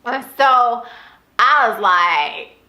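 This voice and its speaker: A young woman telling a casual storytime vlog, animated and often breaking into laughter as she talks. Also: on the high side, very slow, echoey room. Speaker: vlogger.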